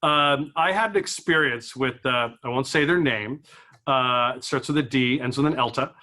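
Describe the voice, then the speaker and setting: Doing stand-up storytelling at a moderate pace, a young man uses a medium-pitched voice with a pushed, bright quality. He performs different voices as he goes and cracks himself up at his own jokes.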